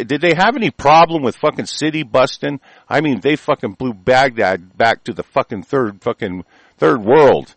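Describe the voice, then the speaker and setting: A man delivering an angry, profane monologue, swinging between shouted bursts and low mutters. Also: no echo.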